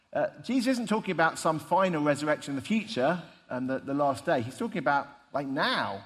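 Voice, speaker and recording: A man's voice: a little high, lively intonation, brisk, few pauses. A man preaching a sermon, telling stories in an emphatic, conversational way. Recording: long reverb of a large hall.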